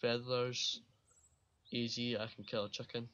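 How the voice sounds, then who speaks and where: A man's voice: mid-range voice, little pitch movement, measured pace, bright, forceful tone, dull audio. A man giving casual commentary while playing a survival game, rambling and swearing freely and laughing at his own slips. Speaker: gaming channel host.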